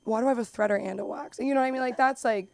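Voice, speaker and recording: A young woman from Los Angeles with a Valley girl accent, doing open mic stand-up in a rambling, filler-heavy way that jumps into loud squeals. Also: fairly high pitch, racing, creaky. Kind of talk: stand-up comedy. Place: comedy club.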